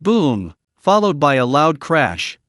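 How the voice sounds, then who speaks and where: A male storyteller narrates a fantasy recap in a fairly high voice with lively, rising and falling pitch. The recording is dry and close, with no room sound at all. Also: slow, no echo.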